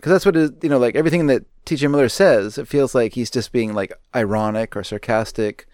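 A man co-hosts a casual movie podcast, agreeable and easygoing, hedging his points with likes and you-knows. His voice sits at an ordinary middle pitch. The sound is dry and close, with no room echo. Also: fast talker, darkish tone. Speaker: podcast co-host. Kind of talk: casual movie review chat.

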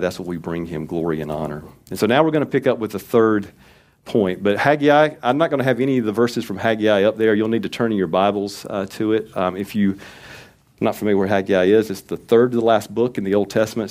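A man's voice: fairly low pitch, fairly even intonation, a little fast, darkish tone. A man preaching a conversational, folksy sermon in a church, reading scripture with emphasis. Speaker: pastor.

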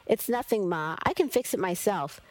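A woman voicing a quiet, soft-spoken clay golem son. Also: medium pitch, animated, no room sound, lightly acted. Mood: reassuring. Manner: slow, soft, few words. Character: gentle gray clay golem son, young man, quiet.

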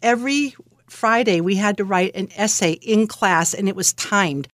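A middle-aged woman from California speaks as a guest on an interview show, animated and quick to laugh as she tells her stories. Her voice sits in a middle register and is recorded close and dry. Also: medium pitch, no echo. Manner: animated storyteller, laughs often, acts out quotes. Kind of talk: conversational interview.

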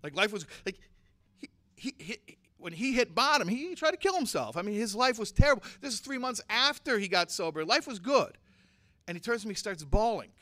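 A man teaching and preaching to a community audience, moving from hushed storytelling to forceful, impassioned exhortation. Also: sits high, sing-song, a little fast, no echo. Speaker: Torah teacher and speaker.

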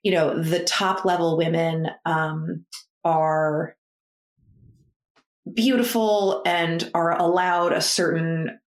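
A woman's voice: fairly low pitch, steady tone, slow pace, roomy sound. A woman chatting casually about books as a podcast co-host, rambling with many fillers and restarts. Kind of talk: casual book chat.

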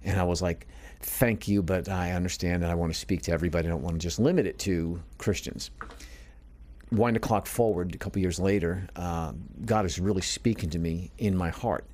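Fast-talking deep-voiced man telling his story. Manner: earnest, animated storyteller who acts out quoted dialogue. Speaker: guest, motivational speaker and business coach. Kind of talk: conversational storytelling.

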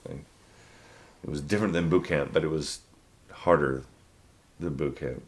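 A man in his forties, a podcast co-host, telling military stories in casual chat, swearing freely and acting out shouted drill instructor lines. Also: a bass voice, normal speed. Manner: storytelling, acts out drill instructors loudly.

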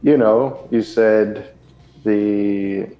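Slow, hesitant man in an echoey room. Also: on the low side, steady tone, faint music behind. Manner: hesitant, stumbling. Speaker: player. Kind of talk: tabletop role-play. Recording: echoey, dull sound.

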